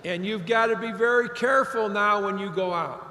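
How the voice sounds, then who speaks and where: A man's voice: high voice, normal speed, pushed and bright, a little hiss or hum. An older man from Ohio giving a commencement speech, telling stories in a folksy, emphatic way. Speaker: commencement speaker. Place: large graduation venue. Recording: echoey hall reverb.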